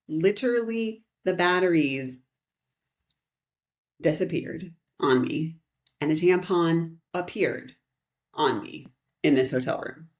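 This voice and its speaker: A woman in her thirties co-hosts a podcast, telling an animated, rambling story in casual conversation with frequent laughter. Her voice is lowish.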